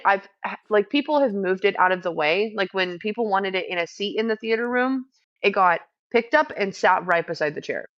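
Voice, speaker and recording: A woman of middle pitch tells a story in casual chat, swearing freely. She gets fast and heated as she goes. The recording sounds somewhat muffled and lo-fi. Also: fairly bright tone. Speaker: house medic at a streamed camp.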